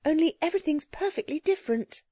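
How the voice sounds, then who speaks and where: A woman's voice: sits high, animated, fast talker, warm tone, no room sound, clean studio sound, voice pushed up. Woman doing a wide-eyed little girl. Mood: wondering.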